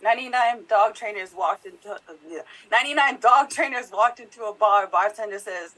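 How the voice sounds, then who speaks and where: Bright-voiced woman cracking pun jokes. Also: mid-range voice, brisk, few pauses, low-quality recording. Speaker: improv player. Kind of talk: quick-fire joke telling.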